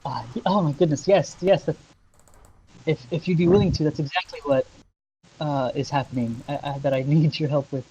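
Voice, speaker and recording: A man voicing a tearful female dryad bound to her tree, speaking haltingly with many fillers. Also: on the high side, steady tone, mellow, husky, dull audio. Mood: pleading.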